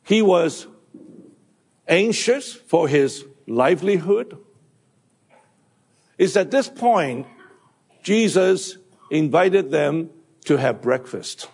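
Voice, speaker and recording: A man preaching a sermon, halting with fillers and restarts. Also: fairly high pitch, animated, gravelly, a little mellow, slightly rough. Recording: long hall reverb.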